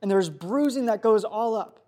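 A young man giving a youth sermon, telling a story in a casual, animated way full of fillers. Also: high voice, normal speed. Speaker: youth pastor.

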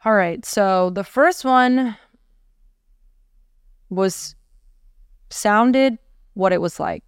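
A woman's voice: medium pitch, very slow, clean tone, no echo, studio quality. A woman from Russia co-hosting a podcast in casual chat, chatty and often searching for her words. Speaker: podcast co-host.

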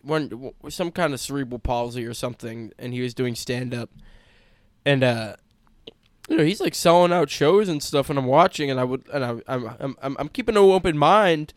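A man's voice: mid-range voice, moderate pace, dry recording. A young man co-hosting a podcast, chatting casually with lots of swearing, restarts and joking. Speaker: podcast co-host. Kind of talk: casual chat.

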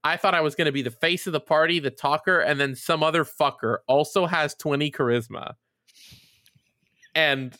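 A man co-hosting a podcast rambles through a story, swearing freely and stopping often on fillers. His voice is bright and fairly high for a man, and the sound is close and dry. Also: moderate pace, dry recording. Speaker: podcast co-host. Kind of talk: casual chat.

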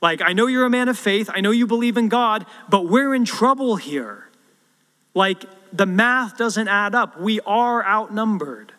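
A man's voice: high-pitched, expressive, a little slow, sharp tone, pitched above the performer's own voice, exaggerated voice. A man voicing a frightened male servant who pleads with his master in a raised, urgent voice, with long hall reverb. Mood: panicked.

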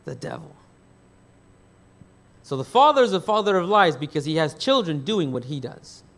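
A pastor with a high-sitting, fairly bright voice preaches to his congregation, posing questions and answering them himself. He keeps rephrasing and restarting partway through his thoughts.

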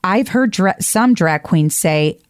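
A woman hosting an opinionated commentary monologue, blunt and emphatic, jumping to high exasperated outbursts. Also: animated, takes it slowly, smooth, no echo, studio quality. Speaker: host.

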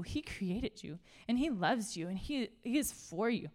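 Lady in her thirties preaching, chatty and animated, laughs a lot, kinda high voice. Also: measured pace. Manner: conversational and animated, laughs often. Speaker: pastor. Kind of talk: sermon.

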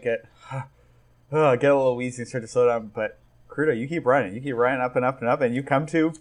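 A young man describing scenes as game master, loose and chatty with plenty of "like" and "um". His voice sits at an ordinary, middle pitch for a man, and he talks casually rather than performing. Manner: casual, rambling with many fillers. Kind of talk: narrating a tabletop game.

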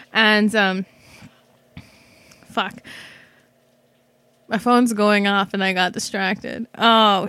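A woman's voice: on the high side, dry recording. Rambling woman in casual commentary. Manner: rambling, many fillers and restarts, swears casually. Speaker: podcast host. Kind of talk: casual self-reflective commentary. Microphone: microphone.

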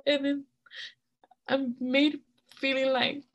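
A woman's voice: high voice, level tone, takes it slowly. A woman telling a personal story on a podcast, frank and blunt, swearing freely and full of fillers. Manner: mixes in other-language phrases mid-sentence. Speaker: podcast co-host.

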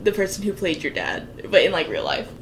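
A young woman co-hosting a casual podcast who laughs loudly and often and swears freely while chatting about a movie. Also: on the low side, sing-song, creaky, a crowd in the background. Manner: loud, giggly, swearing, quick bursts of laughter. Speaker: podcast co-host. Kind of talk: casual chat watching a movie. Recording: echoey room with faint hiss.

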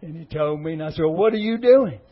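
Man preaching, high-pitched, husky, emotional testimony, dull lo-fi recording. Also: lively intonation, fast. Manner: emotional, earnest, repetitive pleading. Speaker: associate pastor. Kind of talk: testimony sermon.

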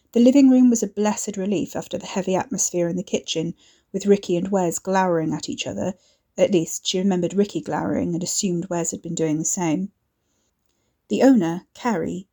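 A woman narrating an audiobook in a steady, measured reading. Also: mid-range voice.

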